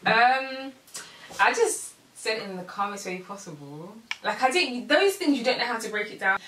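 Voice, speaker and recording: A woman's voice: fairly high pitch, expressive, moderate pace, fairly bright tone. A woman co-host in a casual chat, chiming in with short reactions and laughing jokes. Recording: roomy and distant, light hiss.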